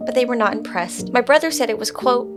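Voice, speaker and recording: A woman's voice: a little high, animated, fast, over music. A young Canadian woman vlogging casually while putting on a practiced Essex accent, in a playful tone. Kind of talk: casual video diary.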